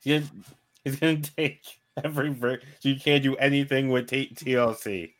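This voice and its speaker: A man's voice: mid-range voice, steady tone, normal speed. A man in a casual group chat over a voice call, swearing freely and laughing mid-sentence.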